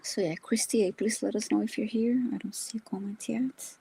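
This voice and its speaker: A woman co-hosting a live psychic healing stream, talking softly and haltingly with many pauses and fillers as she describes the healing. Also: medium pitch, steady tone, vocal fry, husky, rough recording. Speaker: energy healer, co-host.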